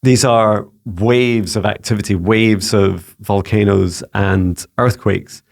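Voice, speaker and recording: Gravelly low Scottish man, halting delivery. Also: steady tone. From Scotland. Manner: halting, searching for words as he relays messages. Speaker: psychic mentor answering viewer questions. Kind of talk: casual solo channeling Q&A. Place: home with a laptop.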